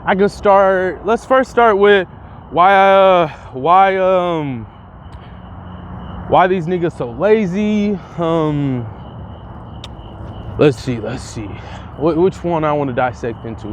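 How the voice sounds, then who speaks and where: Young male vlogger, high for a man, loose rambling delivery with cursing and false starts, faint noise behind him. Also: drawn-out words, pauses often. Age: young adult. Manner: rambling and profane, with frequent restarts. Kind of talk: casual vlog commentary.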